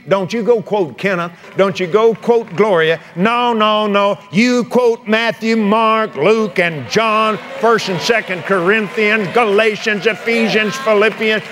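A man's voice: high voice, a bit bright. A man preaching a sermon, telling folksy stories and urging his listeners with fervor. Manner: folksy storytelling preacher, fervent.

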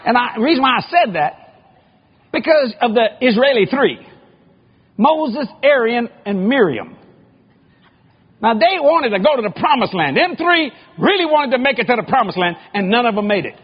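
Brief: male preacher, very high husky voice, lively pitch, muffled lo-fi recording. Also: normal speed. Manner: shouting, joking, animated. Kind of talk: sermon.

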